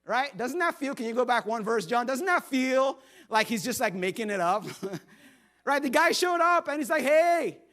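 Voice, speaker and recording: Brief: male pastor, lighthearted storytelling sermon, voice sits high. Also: expressive, normal speed, a bit bright. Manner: humorous, conversational storytelling.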